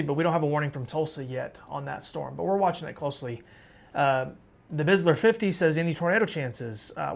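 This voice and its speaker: Live storm coverage comes from a western Arkansas man who streams the weather, addressing viewers directly in a casual way and responding to chat. He has a fairly high-pitched voice with vocal fry.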